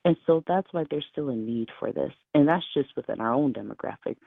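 Gravelly man, political guest, tinny line, dry. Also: medium pitch, fairly quick, no room sound. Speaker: state representative, studio guest. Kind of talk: talk radio interview.

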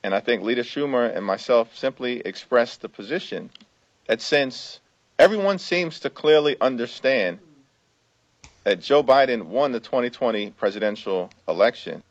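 A man politician gives a formal press statement in a measured, deliberate way. The sound is dull and dry, like a clip played into a broadcast. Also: mid-range voice, lively intonation, no room sound.

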